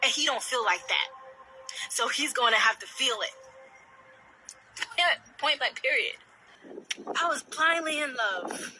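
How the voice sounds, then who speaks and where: A woman speaking rawly about personal hurt, fighting back tears and shifting from quiet reflection to pained outbursts. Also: high-pitched, expressive, a little slow, pauses often, faint music behind, poor audio. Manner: raw, confessional, swings from quiet to pained. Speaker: vlogger sharing a personal story. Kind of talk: emotional personal video.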